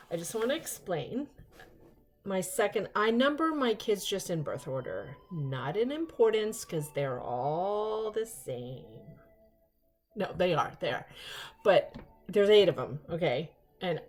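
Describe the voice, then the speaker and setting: An older woman hosting a casual unboxing vlog, chatty and excitable, rambling into asides. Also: lowish voice, unhurried, pauses often, soft background music. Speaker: vlog host.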